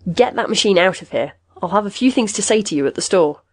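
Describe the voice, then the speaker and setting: A woman's voice: medium pitch, expressive, fast talker, close to an everyday voice. A woman reading a story, voicing a stern, doubtful male company official who speaks formally.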